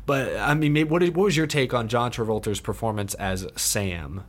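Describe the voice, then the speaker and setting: Man, podcast co-host, casual film talk, conversational, repeats words at starts, mid pitch. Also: moderate pace. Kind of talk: casual film review chat.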